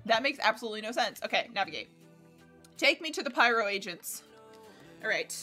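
A woman livestreamer with a bright, somewhat high, animated voice chats casually at a fairly quick pace while playing a game. She rambles, swears freely and talks to herself and the game, with soft game music playing quietly in the background.

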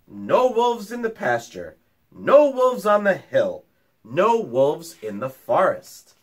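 A teacher reading a picture book aloud to young children, with chatty asides to them. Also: male voice, high voice, very animated, slow, husky. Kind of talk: storytime read-aloud.

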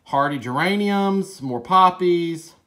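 A man with a Southern US accent, hosting a gardening channel and chatting excitedly through an unboxing. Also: sits high, slow. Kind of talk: casual vlog unboxing.

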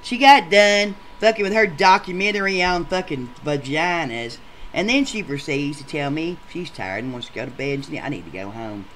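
A man's voice: a little high, expressive, moderate pace, a bit bright, slight background noise. A man voicing a crude, rowdy adult male gameshow contestant who rambles through a profane story in a comedic machinima. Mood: ranting.

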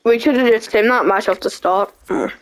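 A woman's voice: mid-range voice, a little fast, poor audio. A woman hosting a gaming video, casually grumbling and talking back at a football game as she plays. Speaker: gaming channel host. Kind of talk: casual gameplay commentary.

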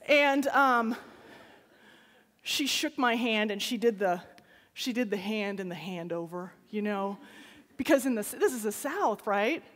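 A woman giving an animated conference keynote, often turning to the audience with a quick "right?". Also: mid-range voice. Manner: lively, animated, talks to the audience with frequent "right?". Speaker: keynote speaker. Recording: long reverb of a large hall.

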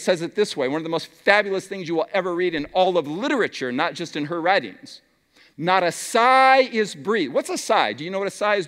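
A middle-aged man preaching a sermon in a large meeting hall, throwing rhetorical questions at the crowd and dropping to a hush for emphasis. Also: high-pitched. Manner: animated, rhetorical questions to the audience; drops to a soft hush for emphasis.

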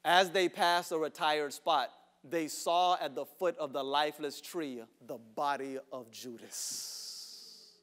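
Male pastor, high voice, sermon in a church, soft-to-loud swings, repeats for emphasis. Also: slow. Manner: swings from hushed whispers to shouted outbursts. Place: church sanctuary.

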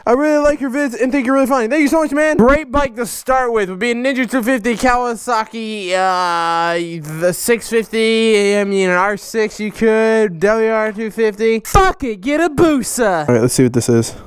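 A man in his twenties opening fan mail on his vlog, loud, hyper and goofy, jumping between high yelps and low growls. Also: animated, moderate pace, few pauses, clean tone, no room sound. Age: 20s. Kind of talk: casual vlog chat.

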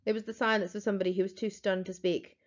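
A woman teacher reads a children's storybook aloud with expressive, dramatic storytelling. Her voice sits in a middle range, and the recording sounds dull and lo-fi. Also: mid-range voice, fast.

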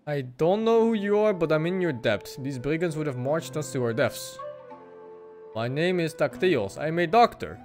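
A man's voice: a little high, lively intonation, moderate pace, a little mellow, faint music behind, natural voice. A man reading as a weary rescued doctor. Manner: reading the dialogue aloud plainly.

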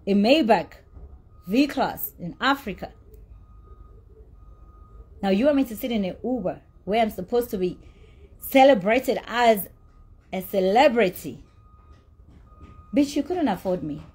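A woman's voice: medium pitch, measured pace, long pauses, a little mellow, breathy edge. A woman telling her side of a dispute in a blunt, profane, indignant rant. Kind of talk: heated storytelling rant.

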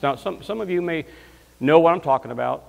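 A man preaching as a guest minister, telling comic stories and breaking into loud shouts of praise. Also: on the high side, expressive, a little fast, gravelly. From Alabama, US South. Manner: storytelling with bursts of shouting praise. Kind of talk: lively comedic sermon. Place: church sanctuary. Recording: long church hall reverb.

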